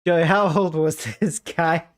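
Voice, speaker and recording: A man's voice: fairly high pitch, fairly even intonation, slow. A man streaming a game who chats casually, rambling and profane, with lots of "like" fillers and bursts of laughter. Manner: breaks into laughter. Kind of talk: casual storytelling chat.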